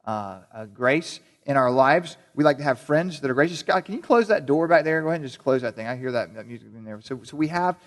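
A man's voice: medium pitch, expressive, brisk, few pauses. A man preaching a sermon to a congregation. He talks conversationally, often stops to ask the people questions, and restarts or repeats words as he goes. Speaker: pastor. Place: church service before a congregation.

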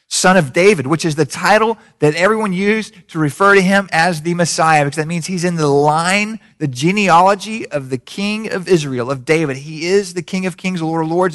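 A man preaching a sermon, animated, building from conversational explanation up to shouted peaks. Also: a little high. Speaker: pastor.

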